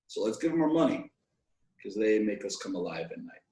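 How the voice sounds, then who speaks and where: A man's voice: fairly low pitch, sing-song, a little fast, mellow. Male poet, 20s, from Alaska; playful rhythmic reader, echoey room sound. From Alaska, USA. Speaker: poet guest. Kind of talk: poetry reading and casual chat.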